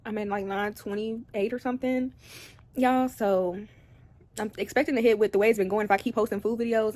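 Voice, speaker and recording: A young woman vlogger sits at home talking to the camera through tears, rambling and sharing her feelings with viewers, crying off and on. Her voice is medium-pitched and a little mellow.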